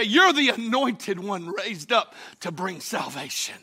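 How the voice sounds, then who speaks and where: A man, a pastor preaching a sermon, swinging between shouted exhortation and quieter teaching. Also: high voice, very animated, unhurried, hardly any pauses, slightly rough.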